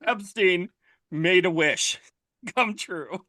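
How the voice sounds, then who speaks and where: A man's voice: high voice, slow, bright, forceful tone, no echo, studio quality. A man co-hosting a podcast, dropping jokey asides in crude comedic banter. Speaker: podcast co-host.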